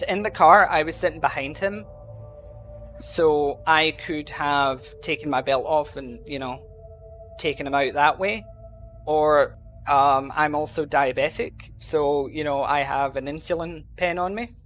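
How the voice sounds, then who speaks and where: This man's voice is medium in pitch and a bit bright, carrying a gentle Glasgow Scottish accent. Hosting a gaming channel, he spins a long, loose story during gameplay, full of ums and you-knows.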